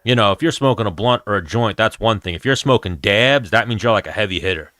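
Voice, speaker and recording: A man's voice: fairly low pitch, expressive, fast, a bit bright, no room sound, clean studio sound. A man, hosting a casual MMA chat stream in a blunt, profane, rambling way. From New York, USA. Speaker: MMA show host answering chat.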